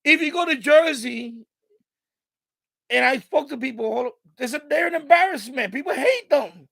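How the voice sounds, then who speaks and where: New york guy on a live stream, real high voice with a gravelly edge, rambly, dry close mic. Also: lively intonation, moderate pace, a bit bright, no echo. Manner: rambling, laughing often, many restarts. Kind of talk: casual live-stream rant.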